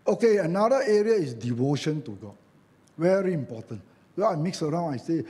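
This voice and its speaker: A man's voice: fairly high pitch, big pitch swings, fairly quick, dark tone. A man with a Malaysian English accent preaching a sermon as a church elder, chatty and joking, acting out quoted voices and adding tag questions.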